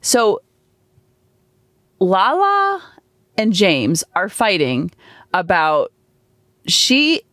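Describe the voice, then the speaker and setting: A woman's voice: medium pitch, huge pitch swings, drawn-out words, pauses often, fairly bright tone, dry recording, clean studio sound. A middle-aged woman hosting a podcast, chatting casually and animatedly, with lots of fillers. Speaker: podcast host and coach. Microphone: studio podcast microphone.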